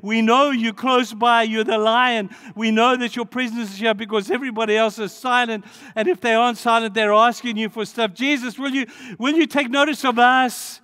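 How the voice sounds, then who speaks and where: A man's voice: very high voice, fairly even intonation, moderate pace, few pauses, bright, forceful tone, voice pushed up. A man acting out two blind men begging for notice during a sermon. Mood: pleading. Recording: long hall reverb.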